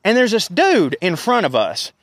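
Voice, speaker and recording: Man in his thirties, high-pitched voice, dry close sound, profane casual storyteller. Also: moderate pace, no echo. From American South. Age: 30s. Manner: profane, animated storytelling with laughs. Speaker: podcast host.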